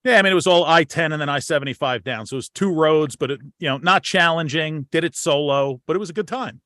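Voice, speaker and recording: American man, podcast host, casual chat, rambling, slightly high voice, dry sound. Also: fast, pushed and bright, no room sound. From United States. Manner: rambling, repeats words when starting.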